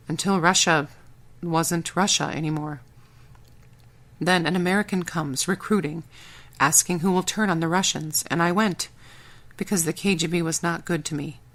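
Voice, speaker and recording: A woman's voice: on the low side, fairly bright tone, natural voice. A woman voicing an earnest, burly former spy, a Swedish man with a Swedish accent, in an audiobook.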